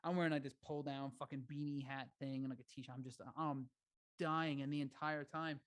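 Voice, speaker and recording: A young man talks in a loose, casual way, stopping often to search for the right word. He swears often, and his voice sits slightly high for a man. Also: level tone, fairly quick, fairly bright tone, slight background noise. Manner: laid-back, swears, gropes for words. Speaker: co-host, musician. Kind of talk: casual chat.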